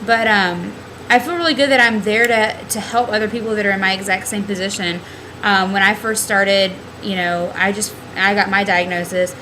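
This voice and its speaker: A woman's voice: medium pitch, fairly even intonation, moderate pace, sharp tone, a little hiss or hum, low-quality recording. Candid young woman vlogging on a webcam. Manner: rambling, candid, heavy use of "like" and "um". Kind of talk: casual personal video diary.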